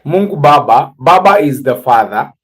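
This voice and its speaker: A man with an East African accent hosting a casual livestream, teaching words slowly and spelling them out letter by letter. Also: medium pitch, animated, fairly bright tone, breathy edge, poor audio. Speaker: livestream host.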